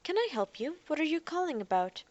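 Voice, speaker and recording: A woman voicing a young woman who talks calmly and coaxingly to keep someone talking. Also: sits high, fairly quick, lo-fi sound, pitched above the performer's own voice. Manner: soothing, coaxing. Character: young woman, calm and persuasive.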